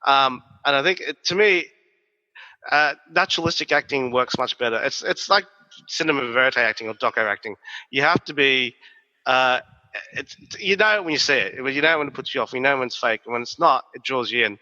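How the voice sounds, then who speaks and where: A man, co-hosting a podcast and telling stories in a lively, swearing, casual way. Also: mid-range voice, brisk. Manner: animated, profane storytelling. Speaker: podcast co-host. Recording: dull, reverberant recording.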